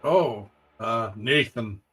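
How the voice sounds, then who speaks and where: Man, tabletop player, casual, deadpan, short questions, mid pitch. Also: drawn-out words, husky, soft background music. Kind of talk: playing a tabletop game in character.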